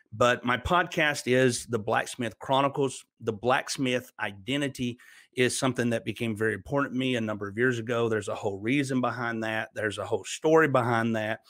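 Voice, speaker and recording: A man's voice: medium pitch, a bit bright, no echo. A man in his forties from Alabama with a Southern accent, a minister introducing himself over a video call in a plain-spoken, earnest way. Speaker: minister and podcast guest.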